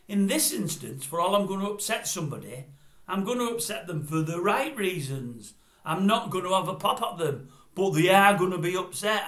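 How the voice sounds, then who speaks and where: A man's voice: high-pitched, a bit bright. Blunt grumbling older man. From Britain. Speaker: vlogger. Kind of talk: opinionated monologue to camera. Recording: roomy echo.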